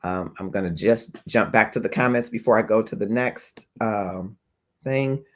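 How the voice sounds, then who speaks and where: A man's voice: on the low side, measured pace. A man hosting a talk show, speaking earnestly and reflectively to his viewers and checking in with them. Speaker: host of a talk show on grief. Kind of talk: heartfelt livestream talk to viewers.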